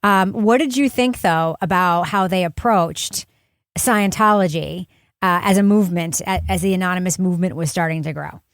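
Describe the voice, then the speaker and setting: A woman leads a casual podcast panel, her voice smooth and clear. She talks in a chatty, emphatic way, with blunt opinions. The sound is dry and close. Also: on the low side, moderate pace, no room sound. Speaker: podcast host.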